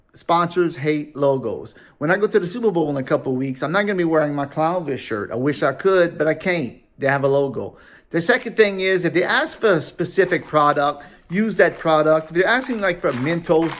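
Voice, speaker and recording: A man with a fairly high voice gives quick advice straight to the viewer. He sounds upbeat and direct. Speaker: guest segment presenter. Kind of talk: giving tips to camera.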